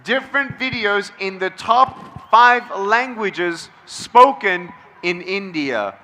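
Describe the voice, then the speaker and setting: A man with a high, pushed, bright voice addresses a large outdoor crowd as a motivational speaker, taking it slowly with lively intonation. He's emphatic and repeats phrases for the crowd to echo back, with a little hiss or hum on the recording.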